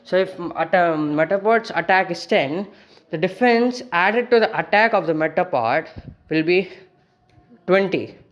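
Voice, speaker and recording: A man's voice: high-pitched, lively intonation, measured pace. A man casually retelling a fan story, rambling with many fillers and self-corrections.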